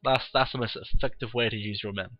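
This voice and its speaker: A man's voice: fairly low pitch, steady tone, quick pace, no room sound, lo-fi sound. A tired man who yawns now and then, giving casual, rambling, blunt commentary on a game replay and swearing freely. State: tired, yawning.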